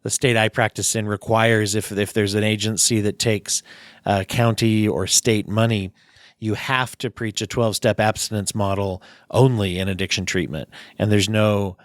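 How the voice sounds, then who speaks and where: A man's voice: lowish voice, no room sound, clean studio sound. Chatty man hosting a podcast. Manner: chatty, halting restarts, laughs often. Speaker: podcast host. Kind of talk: casual interview chat.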